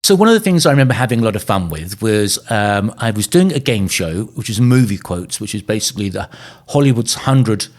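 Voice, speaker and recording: A man's voice: on the low side, big pitch swings, a little fast, darkish tone. A man co-hosting a casual podcast, explaining a movie quote game in an easygoing, teasing way. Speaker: podcast co-host. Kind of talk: casual chat, running a quiz game.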